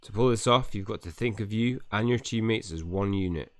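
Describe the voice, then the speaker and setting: A man voicing a proud, blunt Quidditch dad in a mobile game, speaking with a Scottish lilt in a deep, low register. The sound is close and completely dry, with no room around it. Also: a little fast, no echo, natural voice. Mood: instructive. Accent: Scottish-tinged lines. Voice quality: blunt, saying "aye" and "crikey". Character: proud middle-aged male Quidditch coach and father.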